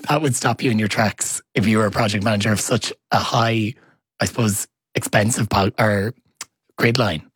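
Male podcast co-host, slightly husky, casual and halting, close dry sound. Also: lowish voice, fairly bright tone, no echo. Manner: rambling, hesitant, self-correcting. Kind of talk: casual chat.

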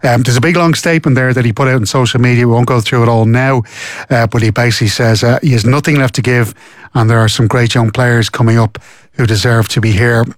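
An Irish man co-hosting a podcast, telling stories in a chatty way and reading sports news in a steady run. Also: mid-range voice, quick pace, no echo, clean studio sound. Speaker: podcast co-host.

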